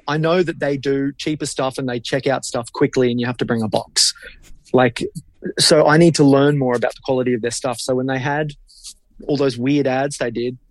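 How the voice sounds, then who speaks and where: A man's voice: mid-range voice, dry recording. A man, co-hosting a podcast as a marketing creative in casual chat, blunt and opinionated and swearing freely.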